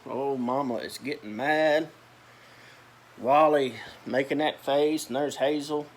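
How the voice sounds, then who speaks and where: A man's voice: mid-range voice, slow pace. A man reading a children's picture book aloud, with chatty asides about the pictures. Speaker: storyteller.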